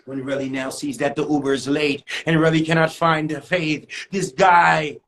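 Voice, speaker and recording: High-voiced man telling a dramatic comic story. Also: normal speed. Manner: animated, repetitive, dramatic outbursts. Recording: roomy echo.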